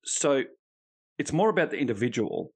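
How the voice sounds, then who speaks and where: A man's voice: mid-range voice, big pitch swings, normal speed, a little mellow, breathy edge. A man, a coach, talking casually and bluntly in a podcast interview, swearing freely as he tells stories. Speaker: high performance coach.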